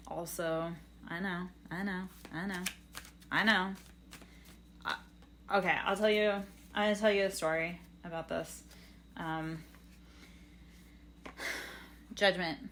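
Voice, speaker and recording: A woman's voice: fairly low pitch, a bit bright, slight background noise. A young adult woman on a livestream reading tarot, telling a rambling, earnest story full of fillers and advice. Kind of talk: casual chat.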